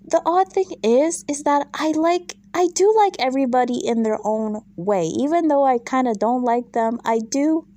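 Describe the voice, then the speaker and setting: A woman's voice: high voice, lively intonation, moderate pace, hardly any pauses, mellow. A woman vlogging a casual, opinionated recap of a reality show, chatty and exasperated, full of fillers and asides.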